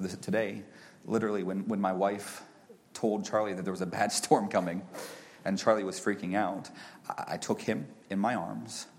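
A man in his thirties preaching a sermon who builds to loud, high peaks and then drops to a soft, hushed voice. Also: creaky. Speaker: pastor.

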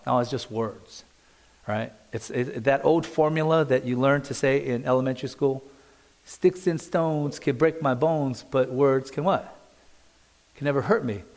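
Animated preacher in a reverberant hall. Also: male voice, medium pitch. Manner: conversational, animated preaching with asides and rhetorical questions. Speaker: pastor. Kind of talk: sermon.

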